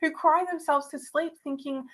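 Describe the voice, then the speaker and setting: A woman's voice: high-pitched, fairly even intonation, moderate pace, low-quality recording. A woman hosting a podcast interview, speaking in a heartfelt, openly emotional way. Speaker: podcast host. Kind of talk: conversational interview.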